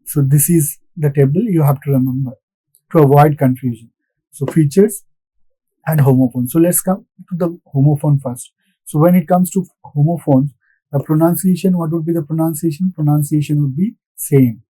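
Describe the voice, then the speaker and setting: A man's voice: on the high side, normal speed, dark tone, slightly rough, no room sound, low-quality recording. A man giving a recorded lesson, patiently repeating points and answering his own questions. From India. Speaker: English lecturer. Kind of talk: recorded classroom lecture.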